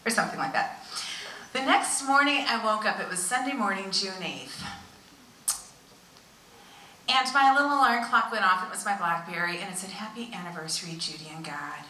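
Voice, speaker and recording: A woman, a visiting pastor, telling a story in a sermon with animated delivery that drops to hushed tones for emphasis. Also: mid-range voice, moderate pace, pauses often, a little hiss or hum. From United States. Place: church hall. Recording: echoey church hall, voice from far off.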